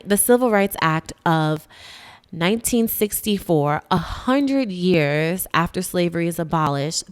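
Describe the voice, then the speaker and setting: A woman's voice: on the low side, clear, resonant tone. A woman hosting a podcast, explaining history in a conversational, emphatic way and often checking in with her listeners. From United States. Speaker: podcast host.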